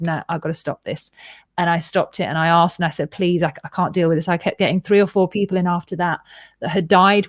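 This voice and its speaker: A woman's voice: medium pitch, no echo. Woman, guest in casual conversation, rambling candid storytelling, swears freely, dry close-miked sound. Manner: rambling, candid, swears freely, acts out her own reactions.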